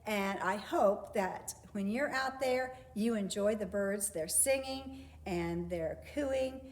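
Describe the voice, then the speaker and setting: A woman's voice: medium pitch, slow pace. Chatty woman teaching kids in an echoey room. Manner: gentle, chatty, talks to her pet doves. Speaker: park district program specialist. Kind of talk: educational talk for children.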